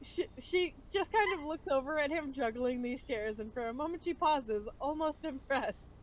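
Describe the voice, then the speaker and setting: Giggly high-voiced woman player. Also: moderate pace, very noisy. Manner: giggly, rambling, swears casually. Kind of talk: casual tabletop game chat.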